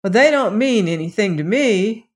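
A defiant young woman in a storybook, protesting loudly and fiercely, her voice pushed higher and harder than the reader's own, as a reader puts her on. She sounds spirited and stubborn as she refuses to back down. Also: lively intonation, moderate pace, lightly acted. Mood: uneasy, insistent. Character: defiant young woman under police pressure.

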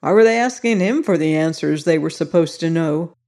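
A narrator reading a science fiction story aloud in a measured storytelling manner. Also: medium pitch, a little mellow.

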